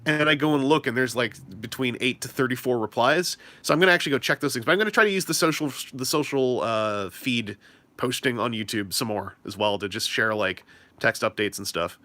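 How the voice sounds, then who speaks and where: A man's voice: mid-range voice, a little fast, bright, forceful tone, no room sound. A young man rambling casually to his stream viewers, self-deprecating and full of fillers. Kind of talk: casual livestream chat.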